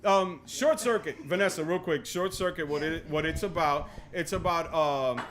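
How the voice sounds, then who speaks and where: Young guy hosting a podcast, pumped up, lots of "yo", highish voice. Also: normal speed. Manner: excitable, says "yo" a lot, restarts often. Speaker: podcast host. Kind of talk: casual chat.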